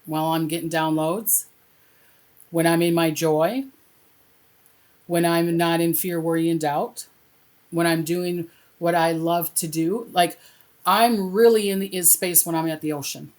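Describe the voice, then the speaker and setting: A woman with a lowish voice tells stories in an animated, casual, conversational way as an interview guest, a spiritual reader. She acts out quoted dialogue with lively jumps in pitch.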